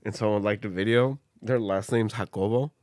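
A man's voice: fairly low pitch, fairly even intonation, normal speed, a little mellow, no room sound. A man co-hosting a podcast in loose, joking, swear-filled casual chat. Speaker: podcast co-host.

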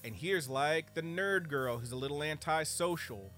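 A man co-hosting a podcast, reviewing anime in casual, animated, profane chat full of fillers. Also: fairly high pitch, normal speed, soft background music. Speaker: podcast co-host.

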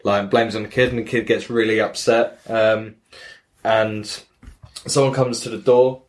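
A man with a fairly low voice rambles through a game recap, piling up fillers and restarts. He tells it in a loose, animated podcast manner. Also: unhurried. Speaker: podcast host. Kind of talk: casual chat recapping a game.

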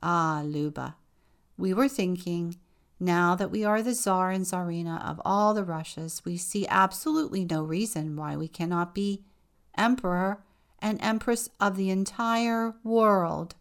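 A woman voicing a greedy, demanding peasant couple who give loud commands. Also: lowish voice, a little slow. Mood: commanding.

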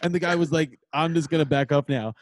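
A man's voice: fairly high pitch, fast talker, no echo. A young man co-hosting a podcast in casual chat, telling stories with acted-out quotes and lots of swearing. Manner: animated storyteller, acts out quotes, swears freely. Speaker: podcast co-host.

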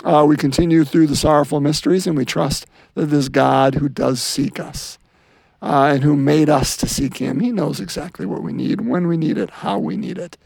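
A man's voice: a little high, moderate pace, creaky, darkish tone, breathy edge, no room sound. A man hosting a religious podcast, talking earnestly with many restarts and then leading a spoken prayer. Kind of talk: reflective religious chat and rosary prayer.

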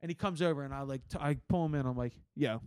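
A man's voice: fairly high pitch, very fast, clear, resonant tone, dry recording, clean studio sound. A young man co-hosting a podcast, telling a rowdy bar story in a casual, profane way and acting out the people in it. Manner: animated, profane storytelling with acted-out quotes. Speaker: podcast co-host.

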